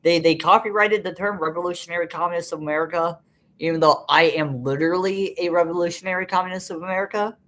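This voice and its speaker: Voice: mid-range voice, fairly even intonation, fast, fairly bright tone. Vlogger, casual monologue, angry and profane, rambling delivery with lots of fillers. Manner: frustrated, bitter venting. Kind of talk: unscripted personal monologue.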